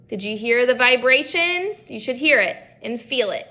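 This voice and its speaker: A young adult woman, a speech language pathologist, leading an at-home practice lesson and modeling words slowly and clearly for children. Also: a little high, expressive, sharp tone.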